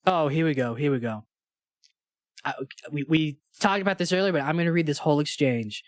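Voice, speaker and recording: A man's voice: on the high side, animated, brisk, dry recording, clean studio sound. A man co-hosting a podcast, chatting casually and reading movie quotes aloud with relish, laughing often. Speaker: podcast co-host.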